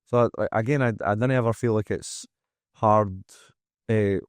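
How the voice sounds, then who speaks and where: A man with a Scottish accent, a gym owner guesting on a candid podcast, speaks at normal speed with fairly low pitch and fairly even intonation; his tone is clear and resonant. He's frank, emphatic, swears freely, and acts out people's words. Dry close-miked studio recording, no room sound.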